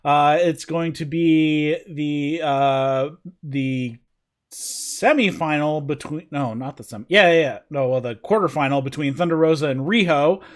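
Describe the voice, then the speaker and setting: A man's voice: a little high, unhurried. A man hosting a casual wrestling review podcast, rambling with lots of fillers and stumbling over names. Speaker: podcast host.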